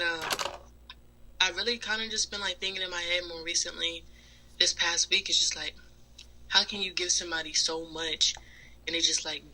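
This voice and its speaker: A woman co-hosts a casual podcast chat, rambling candidly through her thoughts with plenty of fillers. Her voice is very bright. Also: lowish voice, slight background noise, poor audio. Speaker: podcast co-host.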